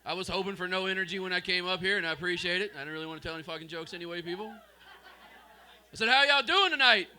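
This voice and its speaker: A young man from Mississippi with a Southern accent, doing a profane, deadpan open-mic stand-up set into a stage mic. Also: high voice, fast, a little hiss or hum. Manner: profane, deadpan, teasing the crowd. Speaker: stand-up comic. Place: small club stage.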